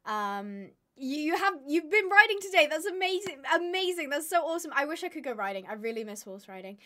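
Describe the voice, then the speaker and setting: Tired, chatty woman, high voice. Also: big pitch swings, fairly quick, fairly bright tone. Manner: chatty, rambling, laughs often. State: tired, voice going. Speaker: streamer. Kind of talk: casual live-stream chat.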